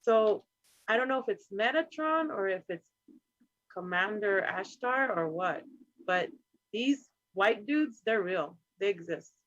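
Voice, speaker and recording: A woman's voice: medium pitch, lively intonation, unhurried, dry recording. A woman hosting a live stream, chatting casually with a loose, profane manner and easy laughs. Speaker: host. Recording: dry, dull lo-fi call audio.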